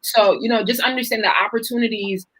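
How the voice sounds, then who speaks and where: A woman's voice: a little high, fairly even intonation, fast, fairly bright tone, a little hiss or hum, rough recording. A young woman hosting a talk show, chatting casually and leaning on "like" and "right?". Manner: chatty, leans on "like" and "right?" tags. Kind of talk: casual chat.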